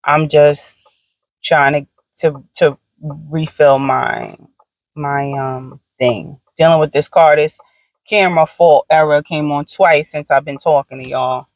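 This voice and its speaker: A woman in her thirties, talking casually to her viewers from inside a car, animated and frank with swearing, swinging from exasperated rants to easy storytelling. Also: low voice, slow pace, vocal fry, dry recording, low-quality recording. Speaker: vlogger.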